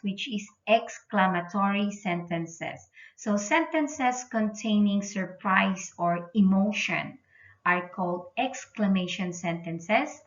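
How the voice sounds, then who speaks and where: A woman's voice: medium pitch, a bit bright. A woman teaching an English grammar lesson, explaining patiently and repeating the key points. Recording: dull roomy recording.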